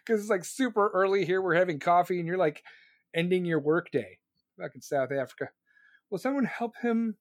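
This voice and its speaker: A high-pitched American man, an adult still of working age, hosts a podcast at a moderate pace, casually riffing on the live chat. He rambles, swears, and cracks crude jokes, heard in clean studio sound with no echo.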